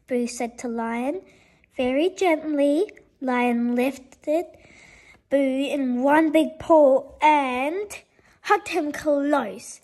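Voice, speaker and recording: A woman reading a children's bedtime story aloud, gentle and expressive, with small slips. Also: high-pitched, drawn-out words.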